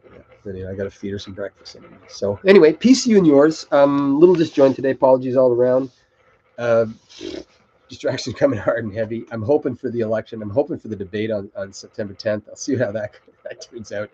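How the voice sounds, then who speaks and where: A man's voice: medium pitch, quick pace, dark tone, slightly rough, dull audio. A middle-aged man hosting a live web show, rambling and swearing casually as he talks. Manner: rambling, swears, easily distracted.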